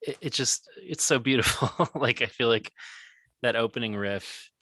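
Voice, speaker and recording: A man's voice: medium pitch, normal speed, sharp tone, no echo. A man co-hosting a podcast, talking earnestly and reflectively about a song that moves him. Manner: earnest, reflective, emotionally moved. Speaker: podcast co-host. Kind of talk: casual music discussion.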